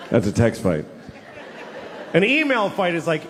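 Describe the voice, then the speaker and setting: A man in his forties performing a stand-up comedy routine, animated and dropping into exaggerated put-on voices. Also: a little high, normal speed, pauses often, slight background noise. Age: 40s. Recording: live show in a reverberant hall.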